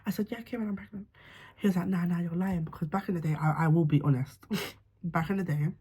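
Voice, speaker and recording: A woman's voice: fairly low pitch, fairly even intonation, fast, dark tone, breathy edge. A young woman, candidly telling a personal story to camera in casual slang, swearing freely. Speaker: vlogger.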